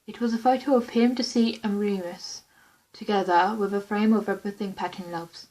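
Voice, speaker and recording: A woman's voice: mid-range voice, steady tone, normal speed, mellow, rough recording. Woman casually reading her fan story. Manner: plain unpolished reading with small slips and restarts. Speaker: fan script reader.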